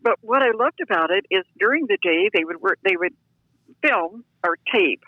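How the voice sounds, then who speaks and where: An older woman telling a personal story in an interview, animated and acting out the voices of the people in it, on a dull lo-fi recording. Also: medium pitch, moderate pace, slightly rough, no room sound. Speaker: interview guest.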